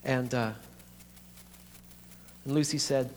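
A man preaching as a pastor, telling a story in a conversational, halting, earnest way. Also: medium pitch, steady tone. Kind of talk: sermon storytelling. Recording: echoey hall, faint hum.

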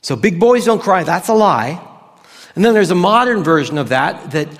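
A male pastor giving a casual, conversational sermon, drawing out key words slowly for emphasis. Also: sits high, very animated. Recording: long hall reverb.

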